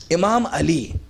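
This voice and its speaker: A man's voice: a little high, creaky, fairly bright tone, breathy edge. A man delivering a sermon, emphatic and conversational, repeating his key points and putting rhetorical questions to the audience. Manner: conversational, addresses the audience directly. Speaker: religious speaker.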